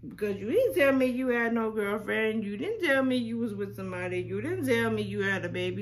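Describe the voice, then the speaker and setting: A woman telling a storytime vlog, animated and incredulous, firing off rhetorical questions, repeating words and dropping to near-whispers for asides. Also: a little high, brisk, slight background noise. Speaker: vlogger.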